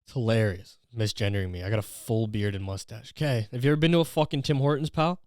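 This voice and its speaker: A young man hosting a comedy podcast, ranting in a profane, animated, self-mocking way. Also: fairly low pitch, fast talker, no echo, clean studio sound. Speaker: podcast host.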